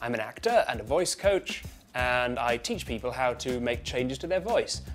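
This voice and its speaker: A British actor and voice coach explaining technique. He talks loudly and fast, with crisp consonants, a twangy tone and a lively rise and fall. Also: mid-range voice, over music. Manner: lively up-and-down intonation; fast talker. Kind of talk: instructional talk to camera.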